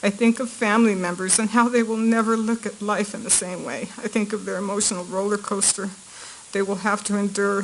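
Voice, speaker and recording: A middle-aged woman speaks in a courtroom, reading a prepared statement. Her voice sits at an ordinary pitch, earnest and measured, with grief held back. A faint hiss runs under her words. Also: low-quality recording. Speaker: victim's aunt giving a statement.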